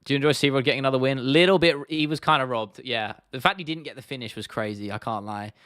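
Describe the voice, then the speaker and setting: A man's voice: mid-range voice, fast, a bit bright, clean tone, no echo, clean studio sound. A young man in his twenties hosting a casual livestream Q&A, laid-back and sweary, often laughing. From United Kingdom. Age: 20s. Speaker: livestream host.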